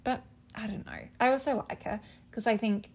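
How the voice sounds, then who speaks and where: A woman's voice: a little high, steady tone, moderate pace, husky. A woman co-hosting a podcast, chatting casually, laughing and swearing freely. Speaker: podcast co-host. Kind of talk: casual chat.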